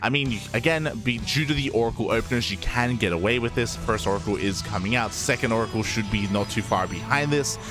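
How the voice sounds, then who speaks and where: A man's voice: mid-range voice, fast talker, hardly any pauses, music in the background. A man casting a live esports match, chatty, with many fillers and frequent laughs. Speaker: esports caster. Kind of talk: live game commentary.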